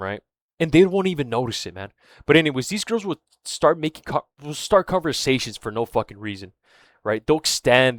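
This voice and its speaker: A man's voice: mid-range voice, no echo. Rambling, cursing man in a dry room. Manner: rambling, profane, keeps losing his thread; filler-heavy, with frequent "right?" and "man". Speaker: vlogger. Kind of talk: casual rambling monologue.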